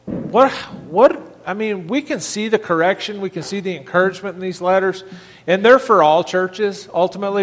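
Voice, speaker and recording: High-voiced preacher in a reverberant hall. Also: male voice. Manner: conversational preaching with frequent restarts and rising emphasis. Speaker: pastor. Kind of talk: sermon.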